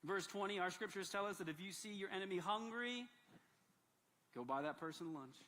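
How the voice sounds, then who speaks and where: A male pastor with a high, bright voice delivers a sermon in a big church, his words ringing out with a long hall reverb. He talks in an animated way, dropping to soft asides and then rising into loud, emphatic bursts. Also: normal speed.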